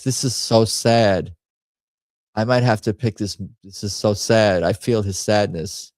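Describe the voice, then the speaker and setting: Low-ish guy hosting a chill stream, going through memes, trips over his words, dry close sound. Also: measured pace, darkish tone, no room sound. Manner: rambling, self-interrupting, wry asides. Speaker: host. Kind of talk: casual livestream chat reviewing memes.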